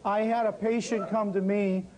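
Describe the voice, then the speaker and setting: High-voiced man telling a healing story. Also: moderate pace, low-quality recording. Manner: lively, talks straight to the audience. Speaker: natural healing teacher. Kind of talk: live workshop storytelling.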